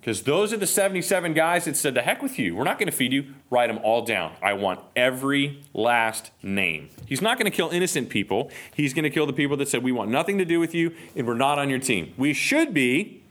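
A man's voice: medium pitch, a little fast, few pauses. A man teaching a Bible study in a casual, joking way, often checking in with his listeners. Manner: lively, jokey, checks in with "okay?".

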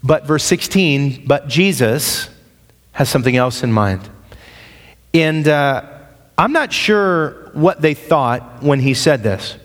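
A man's voice: on the high side, lively intonation, takes it slowly. A man preaching a sermon, walking through verses in a conversational way with joking asides. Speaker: pastor. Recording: long reverb of a large hall.

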